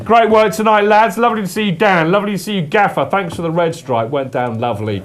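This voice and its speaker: Podcast host: man, a bit high-pitched, chatty and playful, wanders off topic. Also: expressive, a little fast, hardly any pauses, fairly bright tone, slight background noise. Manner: jokey, rambling and chatty. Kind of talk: casual chat.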